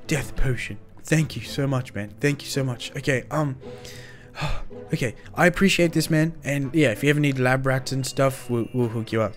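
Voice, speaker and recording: A young man hosting an improvised game roleplay, talking in an excitable, slangy way and swinging between loud cheers and low mutters. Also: moderate pace. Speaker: roleplay host. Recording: faint music behind.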